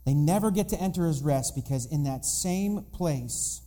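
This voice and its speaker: A man's voice: fairly high pitch, expressive, normal speed, mellow. A man in his thirties preaching a sermon in a conversational way, acting out the voices of the people and of God as he tells the story. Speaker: pastor.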